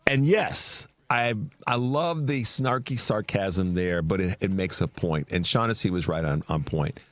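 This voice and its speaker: A male talk radio host with a very deep voice recorded dry and close to the mic. He talks casually, with lots of "uh" and restarts, and his voice leaps higher when he gets fired up. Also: measured pace, no echo. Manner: animated, rising pitch when excited; filler-heavy, restarts.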